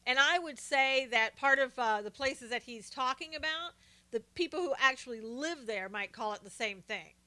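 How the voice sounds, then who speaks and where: A woman's voice: sits high, sharp tone. An older woman hosting a casual political commentary livestream, chatting and greeting viewers by name as she talks. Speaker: live stream host.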